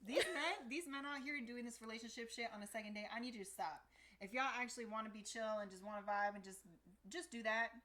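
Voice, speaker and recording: A woman's voice: a little high, quick pace, pushed and bright. A woman co-hosting a podcast in casual chat, candid and blunt, laughing often. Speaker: podcast co-host.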